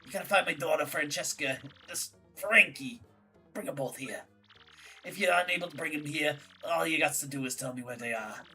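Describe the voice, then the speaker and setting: A woman voicing a gravelly old male mob boss creature in a video game, with a raspy, menacing drawl. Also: sits low, fairly bright tone, far from the mic. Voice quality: raspy Godfather-style mumble.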